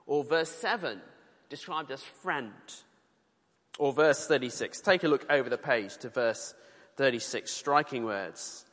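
In a big hall with long, trailing reverb, a British man gives an earnest, conversational sermon and adds colloquial remarks while reading scripture. His mid-range voice is slightly bright and moves at a measured pace.

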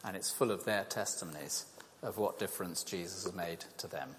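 A man's voice: low voice, fairly quick, slight background noise. An older man giving an evangelistic talk to an audience, conversational and self-deprecating, telling stories with animation. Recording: reverberant hall.

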